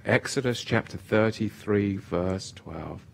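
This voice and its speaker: A man preaching a sermon in a fervent, emphatic way, building to loud pleading. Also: deep voice, unhurried, breathy edge.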